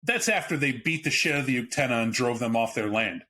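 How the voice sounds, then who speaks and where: A man's voice: medium pitch, lively intonation, fast talker, pushed and bright, a little hiss or hum. Blunt, opinionated man, casual talk. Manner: thinks aloud with restarts. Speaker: podcast host. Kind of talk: casual discussion of a tabletop game book.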